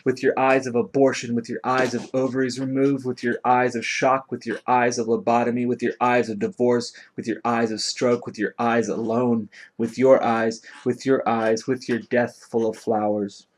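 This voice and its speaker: A man's voice: mid-range voice, level tone, moderate pace, few pauses. A man giving a dramatic reading of a long poem in an incantatory, chanting rhythm. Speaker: poetry reader.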